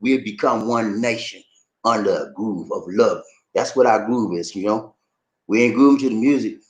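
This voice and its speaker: A man's voice: fairly low pitch, moderate pace. A middle-aged man hosting his channel, reading viewer comments aloud and quoting scripture in a preacherly way. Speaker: channel host. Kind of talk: casual livestream chat. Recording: roomy echo.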